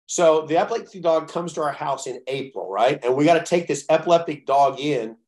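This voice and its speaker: A man coaching chiropractors in a blunt, profane, animated way, telling stories. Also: medium pitch. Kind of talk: profane coaching talk on a call.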